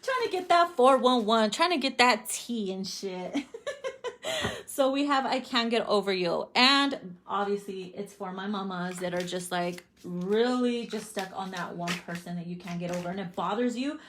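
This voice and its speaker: A woman's voice: mid-range voice, moderate pace, fairly bright tone, a little hiss or hum. A woman giving a casual tarot reading, swearing freely and laughing often. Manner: profane, bubbly, laughs often. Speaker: tarot reader.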